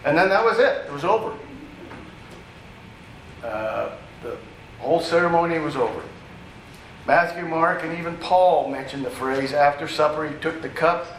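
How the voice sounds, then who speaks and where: A man gives a sermon in a relaxed, teaching tone, with asides to his listeners. His voice sits a little high and is picked up from a distance. The room echoes around him, with a faint hum of ambience underneath. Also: normal speed, pauses often. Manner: conversational teaching with asides to the congregation. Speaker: pastor.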